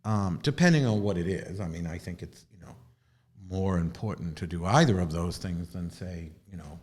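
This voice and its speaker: A man's voice: deep voice, normal speed, a little mellow. A man hosting a live video stream, talking casually in a rambling, profane and sardonic way. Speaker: livestream host.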